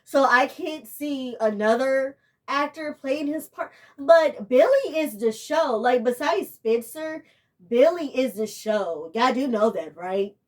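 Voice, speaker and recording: A woman's voice: high-pitched, expressive, slow, darkish tone. A young woman, giving a casual, rambling and exasperated review of a TV show.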